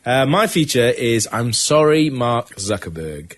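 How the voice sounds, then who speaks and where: A man's voice: mid-range voice, very animated, a little slow. A man hosting a podcast, talking in a crude, joking, self-mocking way. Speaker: podcast host. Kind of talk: casual comedy chat.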